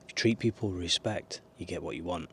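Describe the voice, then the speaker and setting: A man's voice: sits low, fast talker, a bit bright, a little hiss or hum. A man giving rambling, earnest life advice to camera from a small camper van. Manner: rambling, earnest, swears now and then. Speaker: vlogger. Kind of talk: casual advice talk to camera.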